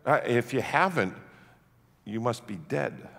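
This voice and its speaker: A man from Canada preaching a sermon as pastor, emphatic and swinging from hushed tones to shouting. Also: medium pitch, lively intonation, a little slow, creaky. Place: church sanctuary. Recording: long church-hall reverb.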